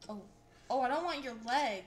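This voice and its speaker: Excitable young woman playing a game. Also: high-pitched, moderate pace, slight background noise. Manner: excitable, exclaims and repeats herself. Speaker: gameplay video host.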